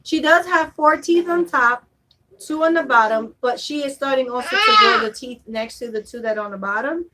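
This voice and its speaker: Here the vlogging mom sounds high-pitched, animated and sharp while talking at a normal speed, coaxing her baby and chatting with viewers at home. The poor recording carries a little hiss or hum.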